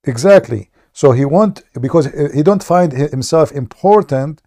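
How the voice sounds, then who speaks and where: Man, english, halting then forceful, mellow dark tone, debate host. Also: fairly high pitch, expressive. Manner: halting, many restarts, then heated and forceful. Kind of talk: live online debate.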